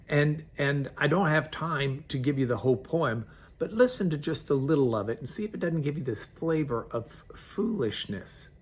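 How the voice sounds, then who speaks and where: Folksy pastor, conversational devotional, mid pitch. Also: male voice. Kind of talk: devotional sermon.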